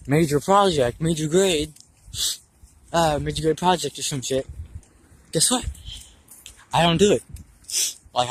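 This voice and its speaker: A man's voice: mid-range voice, fairly bright tone, a little hiss or hum, poor audio. A nineteen-year-old man talking in a casual vlog, rambling and frustrated, swearing a lot as he goes. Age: young adult. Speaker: vlogger.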